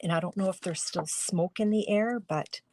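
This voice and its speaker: A woman's voice: mid-range voice, moderate pace, darkish tone, a little hiss or hum. Woman, middle-aged, live-stream craft demo, chatty step-by-step talk, throat tickle, home studio. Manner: chatty, talks viewers through each step. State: throat tickle, coughing now and then. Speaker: card-making demonstrator.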